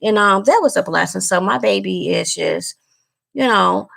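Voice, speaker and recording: Speaking at a moderate pace in a mid-range, slightly bright voice with vocal fry, a woman vlogger addresses her audience directly in casual conversation. She's heartfelt and emotional and keeps circling back to repeat herself.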